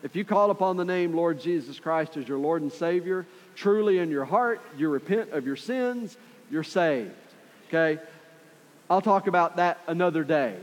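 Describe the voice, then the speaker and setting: Male pastor, conversational sermon, slightly high voice, church with long reverb. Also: expressive, moderate pace.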